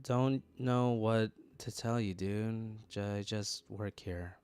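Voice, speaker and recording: A man voicing a bored, self-loathing cashier in a game, flat and unbothered. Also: on the low side, slow, smooth. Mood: deadpan. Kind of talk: reading a dating-game script aloud.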